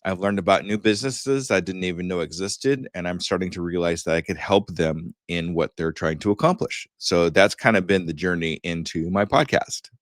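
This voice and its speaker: A man's voice: deep voice, normal speed, hardly any pauses, no room sound, clean studio sound. A man from California, a podcast guest who does cartoon voices, talking in an upbeat, encouraging way. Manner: upbeat, encouraging, with easy laughs. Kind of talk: casual interview chat.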